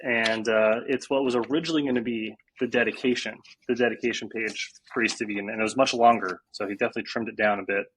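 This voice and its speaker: A man's voice: lowish voice, steady tone, quick pace, hardly any pauses, fairly bright tone, a little hiss or hum, poor audio. A man co-hosting a book podcast, chatting casually and reading quoted passages aloud with relish. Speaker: podcast co-host. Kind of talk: casual book-club chat.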